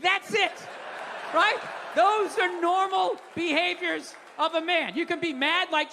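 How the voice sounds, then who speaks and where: A man in his fifties performing a profane stand-up rant, chatty and swearing, building to shouted punchlines on a live stage. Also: very high voice, normal speed. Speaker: stand-up comedian. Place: live comedy venue stage. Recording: reverberant live venue, audience noise. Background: audience laughter.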